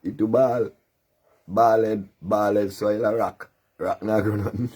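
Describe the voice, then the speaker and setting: A man's voice: lowish voice, steady tone, measured pace, mellow, slight background noise. A man with a Caribbean creole accent hosting a commentary show, taunting and lecturing his target in a sermonizing way, often laughing. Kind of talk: mocking political commentary.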